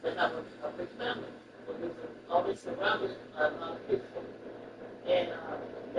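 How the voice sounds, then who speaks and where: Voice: medium pitch, normal speed. A speaker in casual chat who rambles and repeats phrases. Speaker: person chatting. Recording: roomy, far from mic, loud traffic noise.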